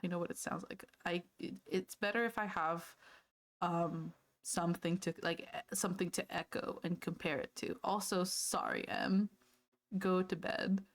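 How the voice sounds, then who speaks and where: A woman livestreaming from home, chatting casually and playfully with her viewers, easily sidetracked and quick to laugh. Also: on the low side, lively intonation. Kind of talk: casual chat with live viewers.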